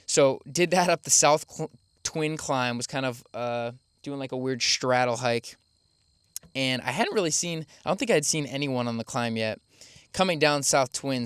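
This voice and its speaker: A man's voice: mid-range voice, a bit bright, clean tone, no echo, clean studio sound. A young man telling a long race story in a casual, chatty way, full of fillers, with laughs at his own expense. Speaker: podcast host recounting his race.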